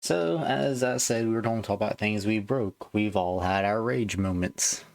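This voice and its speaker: A man co-hosting a casual gaming podcast, laid-back and halting, with lots of fillers and restarts. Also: fairly low pitch, gravelly, no room sound. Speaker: podcast co-host.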